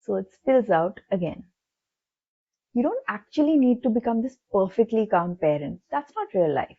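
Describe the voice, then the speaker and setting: A woman psychologist giving a soft, empathetic scripted talk that speaks directly to the listener. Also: medium pitch, very animated, normal speed. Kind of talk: scripted reflective narration. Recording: tinny phone-like sound.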